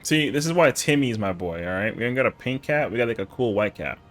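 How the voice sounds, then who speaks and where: A man's voice: mid-range voice, expressive, fast, fairly bright tone, soft background music. A man streaming a game live, chatting casually with jokes, mock outrage and plenty of swearing. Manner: joking, profane, playfully indignant. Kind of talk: casual live-stream chat while gaming.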